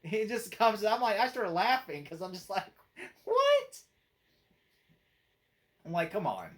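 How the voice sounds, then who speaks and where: A man's voice: high-pitched, animated, brisk. A man talks through a film in a casual spoken review for his own channel. He rambles from point to point, leaning on "like" and "you know". He breaks into laughter easily as he goes. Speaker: movie critic and channel host.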